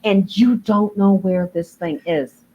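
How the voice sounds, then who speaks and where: Animated woman guest acting out scenes. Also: mid-range voice, takes it slowly, highs cut off. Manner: animated, acts out scenes with voices. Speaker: podcast guest. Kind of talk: casual film discussion.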